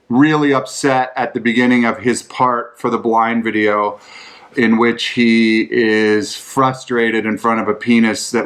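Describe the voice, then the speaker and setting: Guy rambling through a story on his podcast, swears a lot, says like constantly, mid-pitched voice. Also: a bit bright. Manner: profane, rambling, full of "like". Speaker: podcast host answering listener questions. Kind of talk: casual storytelling.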